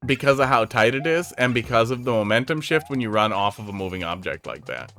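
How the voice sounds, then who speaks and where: Bright, lively male streamer. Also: medium pitch, a little fast, faint music behind. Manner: sarcastic, jokey, chatty. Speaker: streamer reviewing viewer levels. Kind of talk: casual gameplay commentary.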